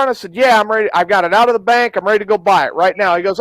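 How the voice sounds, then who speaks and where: Man, high-pitched voice, dry close sound, profane rambling storyteller, casual chat. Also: fast, a bit bright, no echo, rough recording. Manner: profane, rambling storyteller who laughs at his own stories. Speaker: podcast host.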